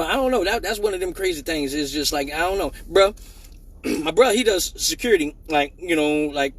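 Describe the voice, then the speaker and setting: A man hosting a live stream, telling a profane story in a lively way and acting out the voices of the people in it, with many restarts. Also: on the high side, recorded from a distance. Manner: animated, acts out quoted voices with many restarts.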